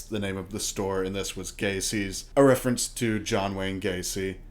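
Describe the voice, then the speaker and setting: Measured low-voiced man co-host. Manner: measured and analytical. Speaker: podcast co-host. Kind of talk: casual film review chat.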